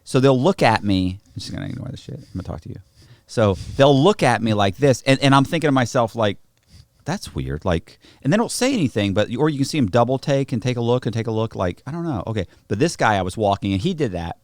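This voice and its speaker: A man at a middle pitch tells a story in a casual, rambling way. He restarts often and drops slang, and his voice rises and falls in a lively way. The studio mic gives a close, dry sound. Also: fast, hardly any pauses, dry recording. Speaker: podcast guest. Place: podcast studio.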